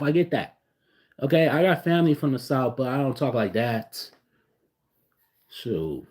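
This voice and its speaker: A man giving a casual, profane reaction rant as a sports fan vlogger, swinging between loud outbursts and low muttering.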